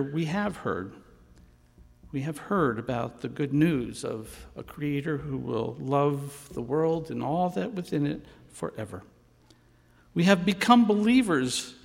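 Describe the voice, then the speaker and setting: A man preaching a sermon, telling a story in a slow and expressive way. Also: fairly high pitch, vocal fry. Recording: long hall reverb.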